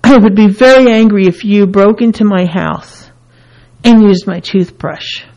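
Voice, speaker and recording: A woman's voice: medium pitch, unhurried, warm tone. A woman therapist in a casual teaching talk, who acts out the feelings she names with her voice. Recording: dull lo-fi recording.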